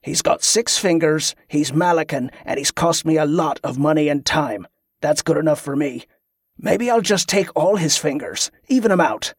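A man's voice: a little high, lively intonation, normal speed, breathy edge, dry recording, clean studio sound. A male narrator voicing a brash, profane ship captain who talks in a brusque, irritable way.

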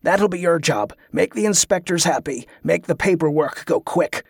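A man's voice: fairly high pitch, expressive, normal speed, gravelly, slightly rough, no room sound, clean studio sound, full character voice. Man voicing a growling, scornful male ringleader. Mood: gruff commanding. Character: gruff bullying male schemer, a leader.

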